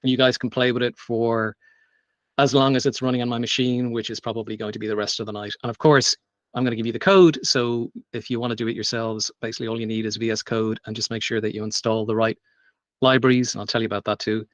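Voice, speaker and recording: A man's voice: mid-range voice, little pitch movement, fast, dry recording. A man giving a live tech demo at a meetup, talking casually with frequent fillers and restarts. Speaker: meetup presenter. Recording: dry, dull lo-fi sound.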